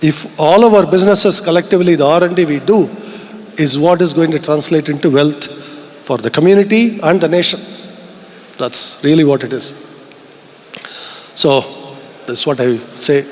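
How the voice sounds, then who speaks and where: A middle-aged Indian man with an Indian English accent gives an earnest, reflective keynote in a large conference hall, asking the audience rhetorical questions. His voice is fairly high, at normal speed with frequent pauses, and the long hall reverb is audible.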